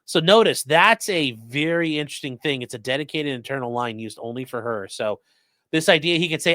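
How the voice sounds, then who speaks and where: A man's voice: on the high side, lively intonation, brisk, pushed and bright, no echo. Sarcastic, profane male crime-show host. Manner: profane, sarcastic reading of court documents. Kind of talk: true crime livestream commentary.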